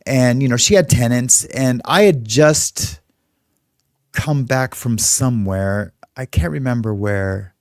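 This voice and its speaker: This middle-aged Californian host tells a story in a loose, rambling way, full of fillers. His medium-pitched voice moves slowly, and the studio recording is clean with no echo.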